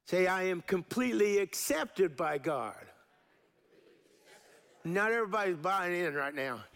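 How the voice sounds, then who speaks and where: Male pastor, middle-aged, high gravelly voice, sermon with call-and-response. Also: lively intonation, measured pace, fairly bright tone. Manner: call-and-response preaching, varying pace and emphasis.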